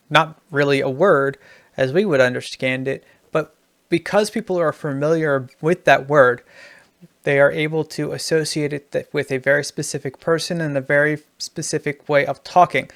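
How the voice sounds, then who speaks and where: A man's voice: a little high, moderate pace, no echo. A man teaching writing techniques in a loose, explanatory way, with restarts as he goes. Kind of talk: writing tutorial.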